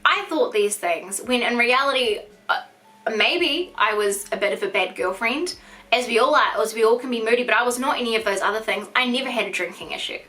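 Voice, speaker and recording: Bright-voiced New Zealand woman in her twenties. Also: fairly high pitch, a little fast. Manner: frank and chatty, heavy use of "like". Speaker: vlogger. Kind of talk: candid storytime monologue.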